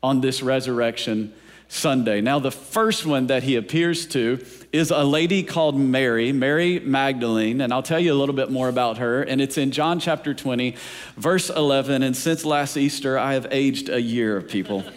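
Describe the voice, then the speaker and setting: A man's voice: medium pitch, normal speed. A man pastor preaching a sermon in a church, with a rhythmic delivery that keeps asking the congregation whether they are following. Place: church sanctuary. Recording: long reverb of a large hall.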